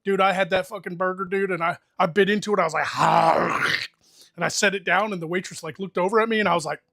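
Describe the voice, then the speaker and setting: A man's voice: sits high, fairly even intonation, very fast, pushed and bright. A middle-aged man with a Southern US accent, casually telling stories on a podcast, laughing often and swearing freely. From American South. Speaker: podcast host. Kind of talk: casual chat.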